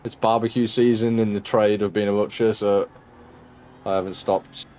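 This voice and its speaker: A man's voice: lowish voice, flat delivery, normal speed, darkish tone, slight background noise. A man streaming a sim racing session, tired and yawning, chatting casually and joking with viewers he greets by name. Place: at home.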